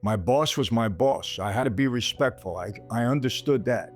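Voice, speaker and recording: Speaking at a moderate pace in a medium register, this male podcaster shares a story from his own life directly with his audience, whom he calls "people." He performs the dialogue as he retells each scene, while faint music plays underneath.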